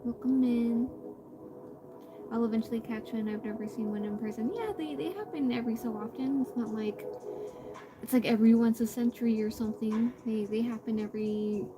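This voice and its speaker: Rambling higher-voiced woman streamer. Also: brisk, noisy background. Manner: rambling, meandering, full of fillers and restarts; soft and easygoing, greets viewers in passing. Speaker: live streamer. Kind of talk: casual chat while drawing on stream. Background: background music.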